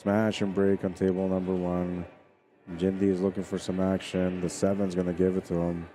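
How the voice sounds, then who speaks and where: A man's voice: sits low, monotone, normal speed, dark tone, a little hiss or hum. A man giving casual, chatty commentary on a pool stream, talking to viewers and laughing. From Spanish heritage.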